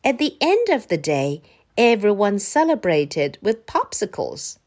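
A woman reading a children's story aloud in an expressive, unhurried way. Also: medium pitch. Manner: expressive, sing-song, unhurried.

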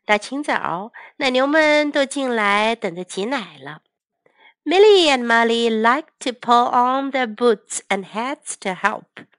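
A woman reads a children's story aloud as a teacher, gently and carefully, at a very slow pace. Her voice sits a little high, and the sound is dry and close. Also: expressive, clear, resonant tone, no room sound. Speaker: English teacher. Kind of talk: bilingual children's story reading.

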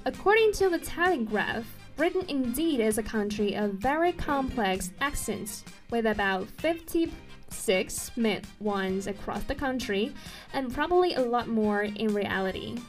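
A woman's voice: on the high side, animated, unhurried, faint music behind. A woman presenting an explainer video in an earnest narrating tone, now and then stumbling over a word and correcting herself.

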